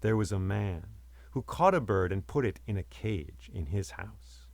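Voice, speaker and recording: A man's voice: on the low side, animated, unhurried, creaky, darkish tone, no echo, full character voice. A man voicing a regal storytelling woman. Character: powerful regal woman telling a tale.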